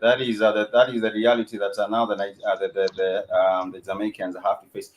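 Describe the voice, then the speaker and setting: A man's voice: on the low side, little pitch movement, a little fast, poor audio. A man hosting an online talk show, speaking hesitantly with many fillers and repeated words. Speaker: host. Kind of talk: casual chat.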